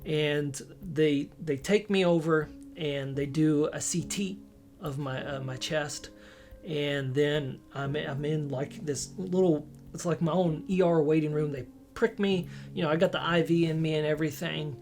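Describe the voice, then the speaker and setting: Man haltingly telling a personal story. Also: a little high, steady tone, darkish tone, soft background music. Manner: halting, with many restarts and quoted dialogue. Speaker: storyteller recounting a personal experience.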